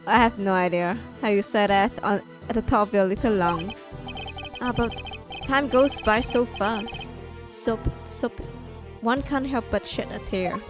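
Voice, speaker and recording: A sentimental old chairman from a mystery game, fond and theatrical, drawing his lines out slowly, as a woman reads him aloud during a playthrough. The voice sits at a middle pitch. Game music plays clearly in the background. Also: close to an everyday voice. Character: doting, sentimental elderly male committee chairman. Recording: game music playing behind.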